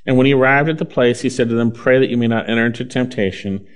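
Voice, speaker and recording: An earnest male preacher delivering a sermon at a mid-range pitch. He reads scripture aloud, lifting some phrases with emphasis and slowing others down to a hushed, deliberate pace. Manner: earnest, swings between loud emphasis and slow hushed phrases.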